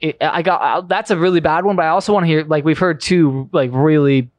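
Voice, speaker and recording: A man's voice: a little high, brisk, no echo, lo-fi sound. Eager male host, dry close sound. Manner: eager, loose, prompting the guest. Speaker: podcast host. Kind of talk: casual chat.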